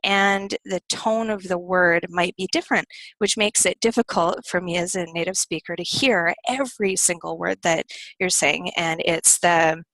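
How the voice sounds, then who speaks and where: A woman's voice: on the low side, moderate pace. A young American woman runs a live online English class through her computer mic. She talks in an easygoing, chatty way. The sound is dry and close, with no room echo. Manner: relaxed, conversational and personal. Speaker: English teacher.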